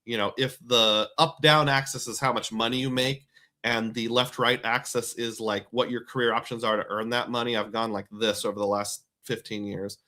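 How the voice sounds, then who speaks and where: Host, man, 40s-50s, bright tone, chatty reading of chat comments. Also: medium pitch, flat delivery, moderate pace. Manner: chatty, reads viewer comments aloud and answers them. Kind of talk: casual live stream chat.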